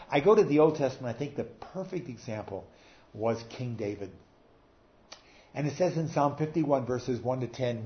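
Man, preacher, sermon, earnest, rising and falling emphasis, dull lo-fi sound. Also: mid-range voice.

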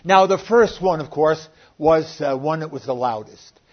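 An older man delivers a sermon in a plain, earnest way, his voice sitting a bit high for a man. He now and then swells louder to press a point. The recording is muffled and lo-fi. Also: measured pace. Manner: earnest, plainspoken preaching with sudden rises in loudness. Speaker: pastor. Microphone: online sermon recording.

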